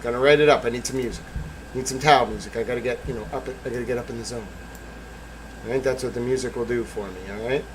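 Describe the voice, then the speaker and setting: A man hosting a solo livestream, talking in theatrical bursts that swing from quiet asides to loud outcries and laughter. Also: medium pitch, fairly even intonation, quick pace, background noise. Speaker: livestream host.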